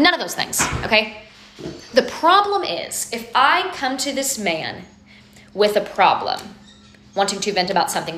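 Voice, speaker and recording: A woman's voice: mid-range voice, bright, forceful tone, echoey room, slight background noise. A young woman doing a comedic rant to camera, exasperated and emphatic, swearing for effect. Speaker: comedy video creator.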